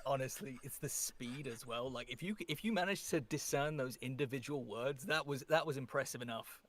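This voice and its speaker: A man coaching a voice actor, talking in an animated, enthusiastic and joking way. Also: medium pitch, brisk. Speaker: voice acting coach. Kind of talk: casual chat.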